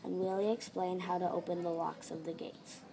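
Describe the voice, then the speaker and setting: A woman's voice: fairly low pitch, little pitch movement, moderate pace, vocal fry, dark tone. A woman reading a children's story aloud with plain, careful narration over a noisy home recording.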